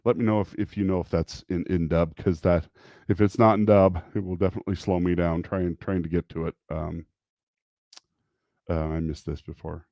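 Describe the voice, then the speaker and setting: A man's voice: low-pitched, fairly even intonation, moderate pace, no echo, dull audio. A man with kids hosting a casual livestream, rambling, restarting sentences and laughing often. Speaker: livestream host.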